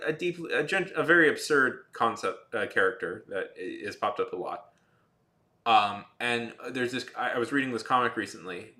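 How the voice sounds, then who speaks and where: A man with a medium-pitched, sharp-toned voice draws live on stream while talking casually to his audience. He rambles, uses plenty of fillers and keeps a dryly sarcastic edge.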